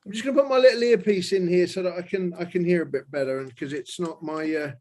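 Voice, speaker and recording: A man's voice: sits high, quick pace, darkish tone. A man with a London English accent, chatting casually and playfully over a video call as the interviewer. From England. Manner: friendly and joking with a child.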